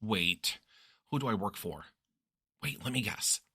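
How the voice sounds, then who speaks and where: A man's voice: on the low side, lively intonation, a little slow, pushed and bright, breathy edge, no echo, clean studio sound, exaggerated voice. A man voicing a flustered young man who reacts with exasperation and disbelief. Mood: incredulous. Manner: exasperated, incredulous.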